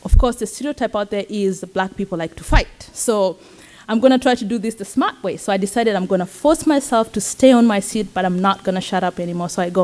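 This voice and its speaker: A young Kenyan woman, a student, telling a personal story at a campus talk event in an earnest, warm way with soft laughs. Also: mid-range voice, brisk. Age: young adult. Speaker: student speaker. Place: event stage.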